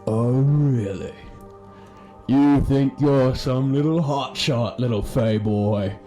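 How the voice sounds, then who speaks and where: A man's voice: medium pitch, slow, warm tone, faint music behind, natural voice. A man voicing a bullying male guard who sneers and threatens. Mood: sneering.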